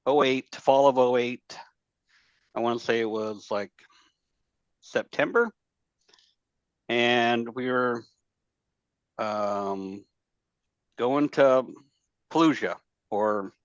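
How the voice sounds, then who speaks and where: A man's voice: mid-range voice, a bit bright, dry recording. Profane rambling man, dull dry audio. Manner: rambling, profane, many fillers and restarts. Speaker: podcast guest, former Marine. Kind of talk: casual storytelling chat.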